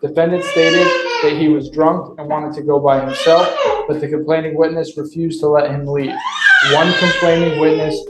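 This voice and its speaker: A woman's voice: low voice, steady tone, moderate pace, echoey room, very noisy. A woman prosecutor reading a police report aloud in a matter-of-fact way at a courtroom hearing.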